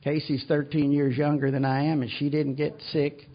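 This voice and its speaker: A man's voice: on the high side, flat delivery, normal speed. An older man speaking at a recovery meeting, telling his story in a rambling, self-deprecating way with many restarts. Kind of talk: recovery talk to an audience. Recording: dull lo-fi recording.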